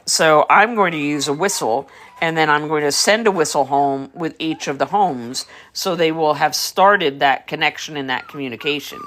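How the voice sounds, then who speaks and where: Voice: mid-range voice, normal speed, fairly bright tone. A dog breeder chatting casually on a live stream, explaining things at length in an easygoing way. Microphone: phone or device on a live stream.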